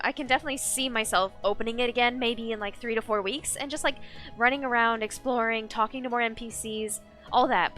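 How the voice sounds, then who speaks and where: A woman streamer talks through her gameplay in a loose, rambling way, full of fillers and restarts. Her voice sits a little high and sounds bright and forceful. Soft music plays faintly underneath. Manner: rambling, many fillers and self-corrections. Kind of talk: casual live-stream chat while gaming.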